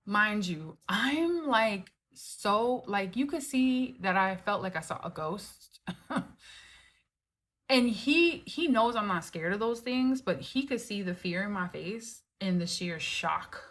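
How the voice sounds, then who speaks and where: A woman telling a personal story to camera from her home, in an animated, casual way, full of "like" and "right?" and the odd swear word. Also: mid-range voice, slow.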